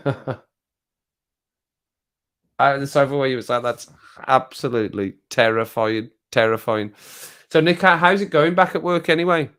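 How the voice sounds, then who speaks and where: A man's voice: mid-range voice, a bit bright. A man hosting a casual live stream, chatting and reading viewer comments aloud with frequent laughter.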